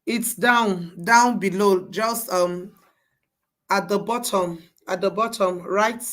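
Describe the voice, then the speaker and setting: Woman, bootcamp instructor, unhurried delivery, repeats every step patiently. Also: mid-range voice, a bit bright. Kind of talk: live class walkthrough.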